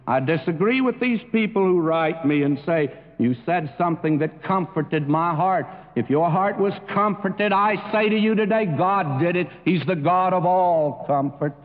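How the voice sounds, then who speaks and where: A man preaching a sermon in a slow, earnest way that swells to emphatic peaks. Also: high-pitched, lively intonation. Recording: tinny narrow-band recording with long reverb.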